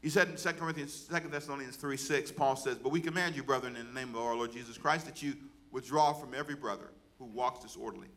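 Bright-voiced man preaching to a congregation. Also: medium pitch, fast. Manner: preaching with call-and-response to the congregation; loud, rising exhortation. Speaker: pastor. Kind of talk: sermon.

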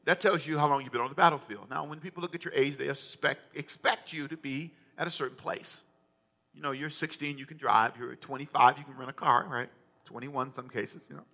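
A man's voice: mid-range voice, fairly even intonation, a little fast, vocal fry, sharp tone. A man preaching a sermon as pastor, conversational and joking, often repeating himself. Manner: conversational, repetitive, humorous asides.

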